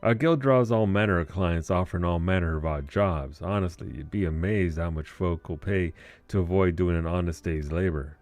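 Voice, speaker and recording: A man voicing a gruff, rough-humored male innkeeper and seafaring guild boss, reading game dialogue aloud in a put-on rough sailor's dialect. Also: low-pitched, normal speed, a little mellow, dry recording.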